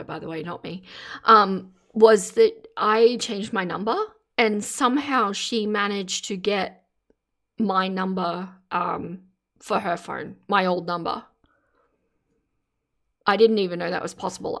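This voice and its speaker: A woman's voice: mid-range voice, unhurried, fairly bright tone. A woman live streaming from her phone, commenting casually and exclaiming in sympathy as she reads her chat aloud. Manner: earnest, exclaims in sympathy while reading chat. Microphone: phone camera.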